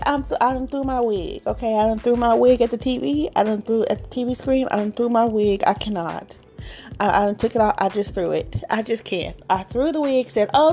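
A woman vlogging in a casual chat, dramatic and exasperated, repeating herself and laughing often as she talks. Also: sits high. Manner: laughs often while talking.

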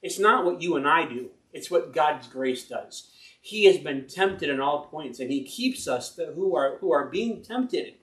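Chatty preacher in an echoey hall. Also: male voice, a little high, animated, unhurried, fairly bright tone, far from the mic. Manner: rambling and chatty, laughs at his own stories. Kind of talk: informal sermon. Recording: roomy and from the mic.

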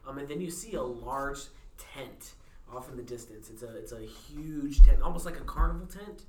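A man narrating a tabletop game as game master, describing scenes with many pauses and fillers. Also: mid-range voice, expressive, darkish tone. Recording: roomy, distant, faint background noise.

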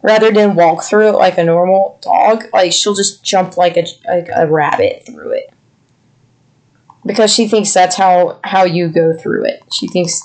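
Gravelly-voiced man chatting casually. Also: high-pitched, unhurried. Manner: chatty, rambling, affectionate. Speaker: podcast co-host. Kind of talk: casual chat.

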